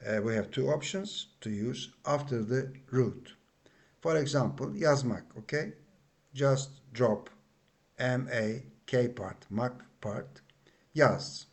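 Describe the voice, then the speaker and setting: A man with a Turkish accent talks through a grammar lesson at a very slow, deliberate pace. He sits at a middling pitch, repeats key words and fills pauses with "uh" while he patiently explains. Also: gravelly. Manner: slow, patient explaining with frequent fillers and repetitions. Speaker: language teacher.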